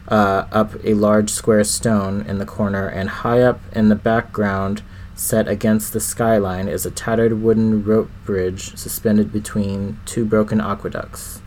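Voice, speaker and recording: A man's voice: lowish voice, slight background noise. A man co-hosting a podcast, steadily reading out a video game walkthrough with small fillers. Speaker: podcast co-host.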